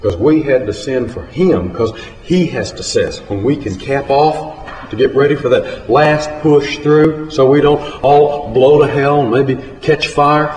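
A man's voice: medium pitch, darkish tone. A man telling a first-person story in a plain-spoken, folksy and profane way. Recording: roomy hall with faint ambience.

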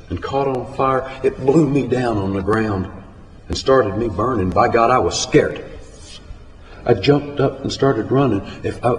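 A man telling a first-person story in a plain-spoken, folksy and profane way. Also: mid-range voice. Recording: roomy hall with faint ambience.

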